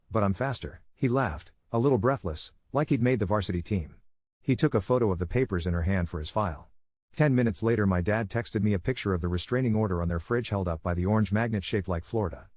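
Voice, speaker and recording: A man narrating a first-person story in a steady, measured way, his voice sitting a little low. The sound is close and dry, with no room around it. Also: no room sound.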